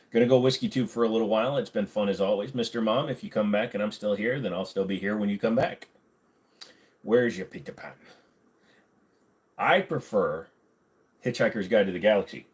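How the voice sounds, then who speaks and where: A man hosts a casual livestream from home while on bed rest, reading viewer comments in a crude, joking, laid-back manner. His voice is fairly low-pitched and moderately paced.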